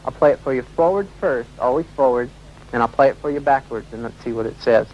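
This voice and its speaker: A man's voice: mid-range voice, quick pace, darkish tone, dull audio. A man working as a radio DJ, explaining on air and talking listeners through audio clips.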